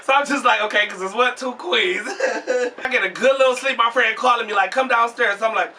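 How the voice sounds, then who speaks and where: A young man telling a storytime vlog in a profane, animated way, acting out what people said. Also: very high voice, brisk, distant mic, a little hiss or hum. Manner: animated, profane, acts out quoted voices loudly.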